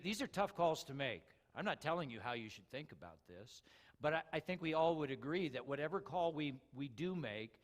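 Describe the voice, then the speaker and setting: A man delivers a lively sermon, throwing rhetorical questions to his listeners. His voice sits a little higher than most men's. A long reverb trails behind every phrase, as if he is in a large hall. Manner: animated, rhetorical questions to the congregation. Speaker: preacher.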